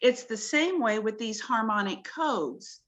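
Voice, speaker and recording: Female guest, clear and slightly high, earnest and awed as she walks through slides. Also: expressive, measured pace, a bit bright. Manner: earnest, wonder-filled explaining. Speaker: guest presenting her research. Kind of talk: explanatory talk-show conversation with slides.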